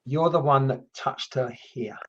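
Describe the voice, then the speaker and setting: Woman, medium, husky voice, chatty and excitable, dull lo-fi stream audio. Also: rumbling low, measured pace. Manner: chatty, excitable, swears casually. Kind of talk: live-streamed mediumship reading. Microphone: computer mic on a video stream.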